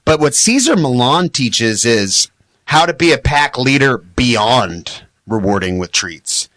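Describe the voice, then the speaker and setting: A man talking as a dog trainer guest on a studio podcast, animated and explaining with acted-out examples. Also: slow, no echo. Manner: animated, acts out high excited voices when quoting owners. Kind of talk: podcast interview.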